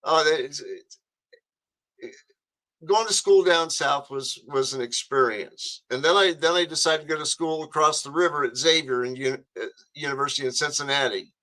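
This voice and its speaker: Chatty male radio host, bright tone, a bit high, animated storyteller. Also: moderate pace, poor audio. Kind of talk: casual radio chat.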